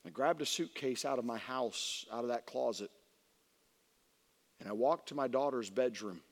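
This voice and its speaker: A middle-aged man preaching as a youth pastor, telling a personal story that swings from hushed to shouting. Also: medium pitch, moderate pace. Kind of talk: sermon. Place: large church hall. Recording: long hall reverb.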